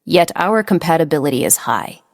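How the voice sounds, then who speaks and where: A woman's voice: low voice, animated, a little fast. A woman reading the lines of a stern, cold young man in an audiobook. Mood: low and cold. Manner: curt and cold.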